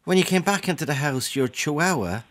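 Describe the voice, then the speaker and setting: Irish male radio host with a lively voice. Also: fairly high pitch, a little fast. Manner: gentle, probing, repeats himself and says okay a lot. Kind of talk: radio phone-in interview.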